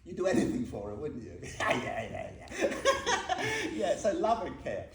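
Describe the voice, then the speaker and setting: A man's voice: a little high, wildly swooping pitch, measured pace, a bit bright. Chatty man teaching in an echoey hall. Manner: chatty and humorous, asks the audience questions. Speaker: Buddhist teacher. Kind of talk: informal dharma talk to a group. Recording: echoey room with faint noise.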